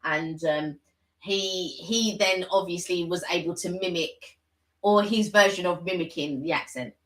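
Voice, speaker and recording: A woman's voice: lowish voice, a little slow, fairly bright tone, reverberant, low-quality recording. A woman co-hosting a casual live stream, talking hesitantly with many fillers. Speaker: livestream co-host.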